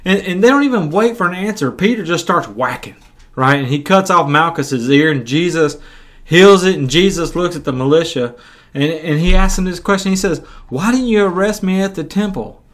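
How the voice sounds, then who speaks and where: A man's voice: fairly high pitch, animated, moderate pace, fairly bright tone. A male preacher retelling scripture in a sermon, speaking conversationally and often repeating words as he goes.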